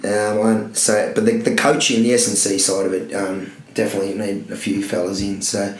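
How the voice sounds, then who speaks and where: A man's voice: fairly low pitch, little pitch movement, fairly quick. A young man, a running coach, chatting casually on a podcast in a loose, rambling, self-correcting way. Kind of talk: casual chat. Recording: echoey room.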